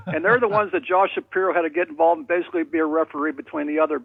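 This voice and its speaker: A man's voice: fairly high pitch, racing, vocal fry, no echo. A man calling in to a radio show, telling rambling, jokey stories over a phone line. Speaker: caller.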